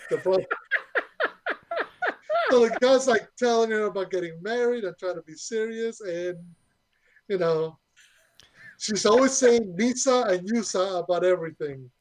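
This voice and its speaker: A man's voice: high-pitched, moderate pace. A man co-hosting a podcast, chattily retelling a story he read online. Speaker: podcast co-host. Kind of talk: casual chat, reading a post aloud.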